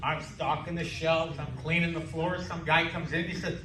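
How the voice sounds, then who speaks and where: A man's voice: a little high, steady tone, moderate pace, bright, forceful tone. A man in his sixties doing a stand-up comedy set with brash, crude punchlines on a club stage in a casino. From Canada. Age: 60s. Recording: roomy live club sound from a distance with crowd noise.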